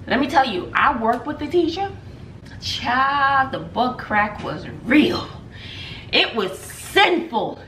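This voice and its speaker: A woman's voice: high voice, big pitch swings, slow, bright, forceful tone, echoey room, slight background noise. Gushing woman teacher vlogging. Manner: emotional, gushing, laughs often. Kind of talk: casual vlog chat.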